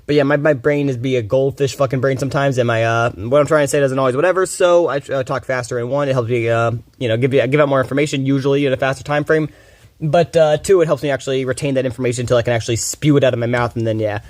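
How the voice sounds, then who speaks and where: A man streaming a game, talking fast and rambling with a lot of swearing, a bit groggy from little sleep. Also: mid-range voice, steady tone, a little mellow, no echo. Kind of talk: casual rambling commentary.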